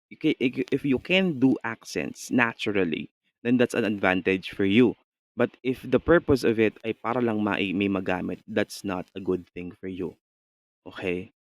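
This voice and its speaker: A man with a Filipino accent lectures on radio delivery, speaking conversationally, often restarting and checking in with the class by asking "no?". His pitch is fairly low, and the recording is dry.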